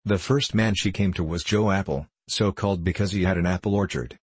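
A man narrating a children's fantasy book aloud in a steady storytelling manner. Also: low voice, brisk, slightly rough, no echo. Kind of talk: audiobook narration.

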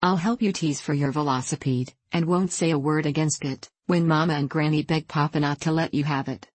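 A fashionable older girl, petulant and quick to fret, as a woman reads her. The voice sits low and is recorded dry and close. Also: fairly even intonation, no room sound. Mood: fretful. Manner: petulant, fretful.

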